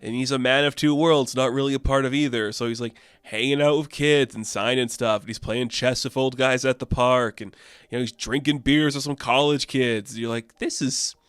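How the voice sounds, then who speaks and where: A chatty man rambles through a casual comic book review, his speech loose and full of fillers. His voice is mid-pitched, smooth and clear. The sound is dry and close to the mic. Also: steady tone, normal speed, a bit bright, dry recording.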